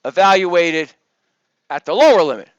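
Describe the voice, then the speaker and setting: A man teaching a circuits review session, talking loudly, joking with students and coaxing them by name. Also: sits high, sing-song, moderate pace, clean tone, no room sound. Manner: loud, projects voice to the room. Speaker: engineering professor. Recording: dull lo-fi, dry sound.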